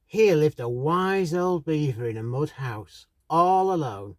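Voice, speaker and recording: A man reading a children's story aloud in a slow, expressive storybook manner. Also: on the high side, no room sound.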